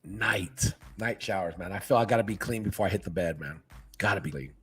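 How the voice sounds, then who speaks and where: A man's voice: brisk, husky. A man talking casually as a guest on a podcast, laid-back and often saying "man". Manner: laid-back, says "man" a lot, acts out quotes with a jump in pitch. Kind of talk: casual chat.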